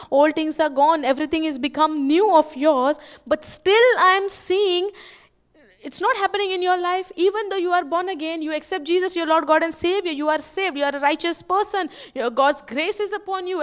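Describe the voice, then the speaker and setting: High-voiced woman preaching. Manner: asks the crowd questions over and over; quotes scripture slowly, stressing words. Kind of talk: sermon at a retreat. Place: retreat hall.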